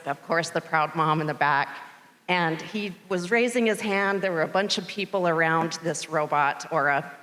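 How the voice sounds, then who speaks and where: A middle-aged woman giving a conference welcome speech, telling a story and acting out the quoted lines. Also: on the low side. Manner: storytelling, animated when quoting the robot. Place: conference hall stage. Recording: long reverb of large hall.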